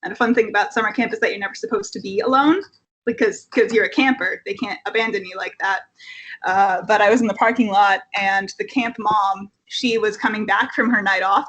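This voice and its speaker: A young woman telling a personal story casually at home, animated and swearing, with plenty of fillers. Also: mid-range voice, brisk.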